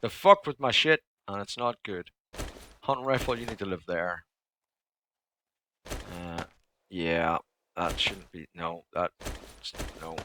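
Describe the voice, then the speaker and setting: A man streaming a survival game live, commenting excitably, swearing often and yelping when startled. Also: sits low, takes it slowly, pauses often, slight background noise.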